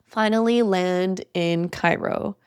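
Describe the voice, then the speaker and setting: A young woman hosting a podcast, telling a travel story in a chatty, animated way with many fillers. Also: lowish voice, takes it slowly, clean tone, no room sound, studio quality. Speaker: podcast host. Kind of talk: casual storytelling monologue.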